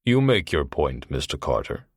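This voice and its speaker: A cool, controlled young rich man with a deep, resonant timbre, as a male narrator reads him. His voice sits very low with a lively melody, dry and close in the recording. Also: dry recording, full character voice. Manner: slow and controlled.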